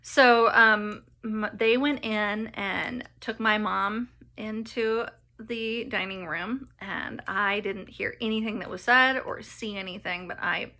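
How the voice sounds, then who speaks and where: A woman recounts her own story in a personal vlog. Her voice is bright with a gravelly edge, and she talks hesitantly, full of ums and restarts. She stays close to tears and covers the hard parts with nervous laughter. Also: medium pitch, fairly even intonation, takes it slowly. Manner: hesitant, many fillers and restarts; laughs nervously at painful moments. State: emotional, near tears. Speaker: vlogger telling her life story.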